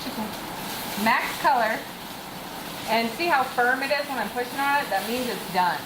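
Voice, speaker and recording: A woman's voice: fairly high pitch, normal speed, roomy sound, background noise. A woman hosting a casual cooking show, explaining each step in a chatty, instructive way.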